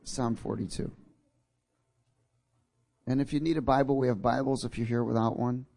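A man's voice: mid-range voice, fairly even intonation, moderate pace, creaky, mellow. A male pastor preaching a sermon, calling out to his congregation and chuckling at his own jokes.

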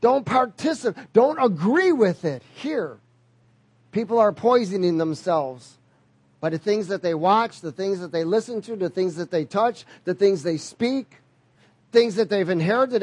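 A man's voice: high voice, unhurried, no room sound. A man preaching a sermon in an emphatic way, repeating key phrases and drawing call-and-response from the congregation.

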